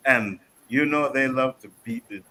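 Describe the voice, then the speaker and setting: A man from Canada hosting a casual panel podcast, telling stories in a lively, profane way and acting out the quotes. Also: medium pitch, a little slow, slight background noise, low-quality recording. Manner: animated storytelling, profane, acts out quotes. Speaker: podcast host.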